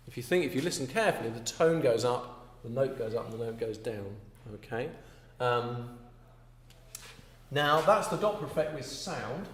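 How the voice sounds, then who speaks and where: A man teaching an astronomy class, explaining step by step and often checking with "okay?". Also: mid-range voice. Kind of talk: classroom lecture. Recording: echoey classroom with faint hum.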